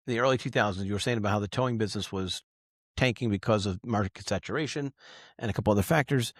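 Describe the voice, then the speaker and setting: A man's voice: mid-range voice, no echo, studio quality. Man asking rambling interview questions. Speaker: podcast host.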